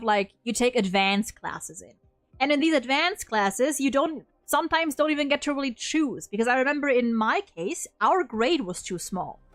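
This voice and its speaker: A woman's voice: a little high, a bit bright, no echo. A young woman from Germany with a slight German accent, chatting casually on a live stream in a rambling way, with lots of fillers and free swearing.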